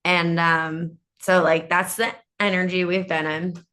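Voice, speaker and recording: A woman's voice: lowish voice, little pitch movement, a little slow, fairly bright tone. A woman co-hosting a casual chat from a hotel room, losing her voice, talking loosely with lots of "like" and the odd swear word. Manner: chatty, laughs often, swears casually. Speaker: co-host.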